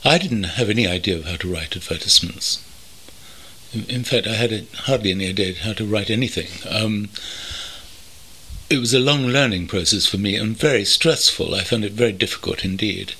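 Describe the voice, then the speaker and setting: An older man from North London, reminiscing thoughtfully as an interview guest, pausing often with ums. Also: lowish voice, pushed and bright, slight background noise. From North London, England. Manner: thoughtful, measured, with many pauses and ums. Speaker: interview guest, veteran copywriter. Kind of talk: reflective reminiscing. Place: country home.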